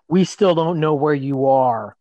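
A man's voice: a little high, a little slow, a crowd in the background. A man reminiscing in casual chat, with many fillers.

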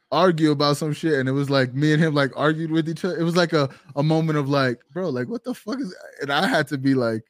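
A man's voice: a little high, dry recording, studio quality. A man co-hosting a live stream, telling stories in casual chat with lots of fillers. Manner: rambling, filler-heavy storytelling. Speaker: co-host.

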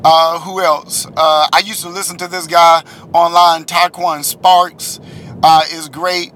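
Man, high bright voice, casual rambling rant, in a car. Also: little pitch movement, slow, a little hiss or hum. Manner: rambling, exasperated, heavy fillers. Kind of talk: casual chat.

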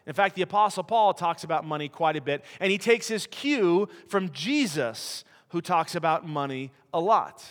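A man's voice: fairly high pitch, lively intonation, moderate pace, few pauses. A middle-aged man preaching a sermon as a missionary, conversational and self-deprecating as he tells stories. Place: church hall. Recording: long reverb of a church hall.

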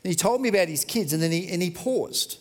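An Australian man preaching, telling a story in an earnest, chatty way. His voice sits a little high for a man. It rings out with the long reverb of a big hall. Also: lively intonation, quick pace. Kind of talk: storytelling sermon.

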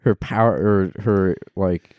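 A man's voice: low-pitched, fairly even intonation, slow pace, darkish tone, dry recording. A young man co-hosting a podcast in profane, joking casual chat. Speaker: podcast co-host.

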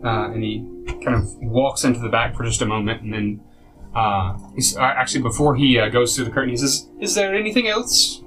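A man narrating a tabletop game as game master, relaxed and halting with fillers. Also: medium pitch, music in the background, rough recording.

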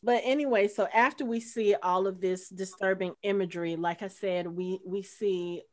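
A middle-aged woman talks through a film in a casual podcast chat. She is blunt and animated, swears without a second thought, and keeps her voice at an ordinary middle pitch. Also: normal speed. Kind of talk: casual movie review chat.

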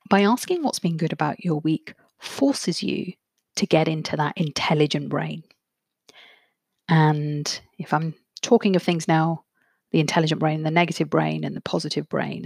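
A woman, a therapist hosting her own podcast, explaining ideas in a clear, measured way and slowing down to stress key phrases. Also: low-pitched, no room sound, clean studio sound. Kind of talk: solo podcast talk.

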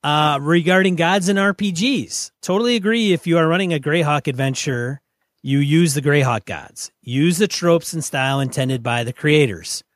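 Male podcast co-host, a touch higher pitch, close and dry, measured and opinionated delivery. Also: no room sound. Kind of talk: casual podcast chat, reading listener mail.

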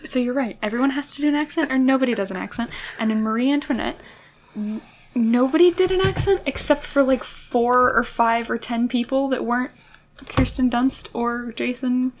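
Chatty high-voiced woman podcast co-host. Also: normal speed, slight background noise. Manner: chatty, laughs often, critical opinions. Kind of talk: casual chat.

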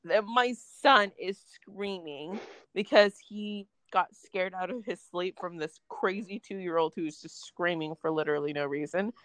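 A woman's voice: lowish voice, measured pace, a bit bright, no echo. A young woman telling a story in casual chat, venting with lots of filler words and swearing.

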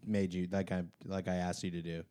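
A man's voice: low voice, flat delivery, a little fast, mellow, clean tone. A young man co-hosting a podcast, joking and teasing in casual comedic banter and swearing freely. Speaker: podcast co-host.

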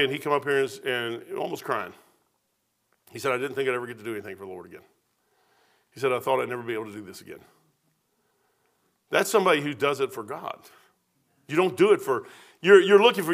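A man's voice: high voice, pushed and bright. A male pastor preaching a blunt sermon, often quoting people as he talks.

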